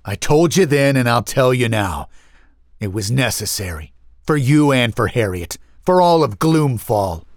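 A man voicing a cold, mocking older brother who speaks flatly and with menace. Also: mid-range voice, unhurried, no echo, studio quality.

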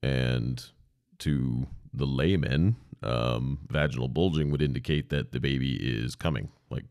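Very deep-voiced man telling a story. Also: gravelly, a little mellow, no room sound, studio quality. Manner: candid, profane, conversational. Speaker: podcast host, former 911 dispatcher. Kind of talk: casual storytelling.

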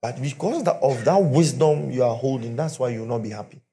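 Animated preacher man. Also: medium pitch, brisk. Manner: animated, storytelling preaching with pidgin asides. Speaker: pastor. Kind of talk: sermon. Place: church with live and online congregation.

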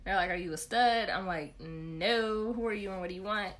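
A woman's voice: medium pitch, normal speed, fairly bright tone. Chatty young woman telling a story. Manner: chatty, many "like" fillers, acts out dialogue. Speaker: podcast co-host. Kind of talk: casual storytelling chat.

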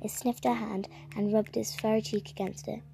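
A woman reads a story aloud with a gravelly fry in her voice. She stumbles and restarts words now and then. Music plays clearly behind her. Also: mid-range voice, little pitch movement. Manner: halting, with frequent restarts.

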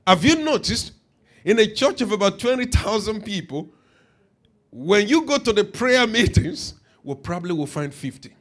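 Male preacher, very high voice, lively pitch, slow emphatic sermon delivery with shouted peaks. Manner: emphatic, repeats phrases, swells to shouts.

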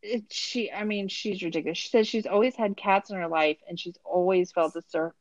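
A woman's voice: medium pitch, a little fast, dry recording. Woman podcast host, sarcastic rambling recap, dry close sound, dull lo-fi mic. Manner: sarcastic, rambling, lots of filler "like". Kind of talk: casual recap chat.

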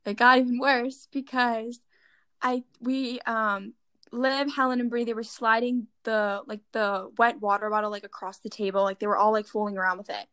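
Teen girl, chatty storyteller, bright and close-miked. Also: fairly high pitch, moderate pace, smooth, dry recording. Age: teens. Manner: chatty, fillers like "like", animated retelling. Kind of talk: casual chat.

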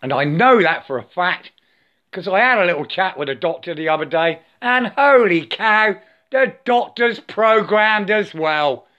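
A man's voice: high-pitched, expressive, unhurried, pushed and bright. An older man delivering an angry, profane, preachy monologue to the camera, repeating himself and saying "I" for "my". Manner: profane, repetitive, preachy, says "I" for "my". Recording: dull lo-fi sound.

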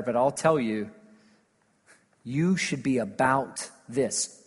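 A man preaching a sermon, telling stories with lively emphasis that swings between loud declarations and hushed asides. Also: medium pitch, husky. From United States. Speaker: pastor. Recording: long hall reverb.

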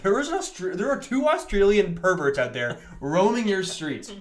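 A man's voice: high voice, normal speed, reverberant. A young man telling a rambling party story on a casual podcast, laughing often and tripping over his words. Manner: animated, laughing, swearing, many restarts. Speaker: podcast co-host.

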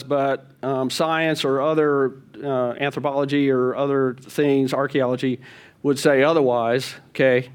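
A man's voice: medium pitch, steady tone, moderate pace, clean tone. A man leading a Bible study in a conversational way, often checking in with his listeners and asking them questions. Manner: informal, with fillers and self-corrections.

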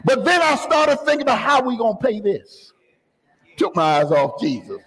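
High husky-voiced preaching man. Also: sing-song, moderate pace, big-room sound, poor audio. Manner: fervent preaching, rising to shouts, with joking asides. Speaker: pastor. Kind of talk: sermon. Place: church sanctuary.

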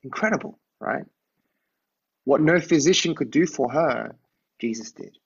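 A man's voice: fairly high pitch, animated, measured pace, gravelly, slightly rough, highs cut off. A man preaching a conversational sermon. He tells a Bible story and often asks his listeners to imagine the scene.

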